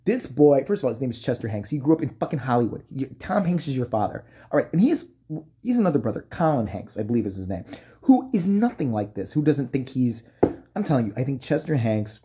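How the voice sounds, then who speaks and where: Here a man rants fast and very animatedly, his medium-pitched voice warm and slightly rough. Playing the comedic commentator, he mocks and swears freely, breaking into over-the-top impressions.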